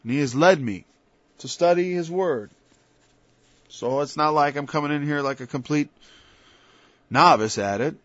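A man's voice: fairly high pitch, moderate pace, pauses often, fairly bright tone, no echo. Man preaching a loose, rambling sermon. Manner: rambling, conversational, stops and restarts then rises to emphatic peaks. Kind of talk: informal Bible-study sermon. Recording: dull lo-fi dry recording.

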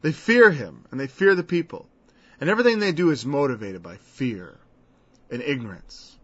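A man's voice: medium pitch, expressive, normal speed, slightly rough. A man preaching a verse-by-verse Bible teaching in a conversational way, acting out the people he quotes in changed voices. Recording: dull lo-fi recording.

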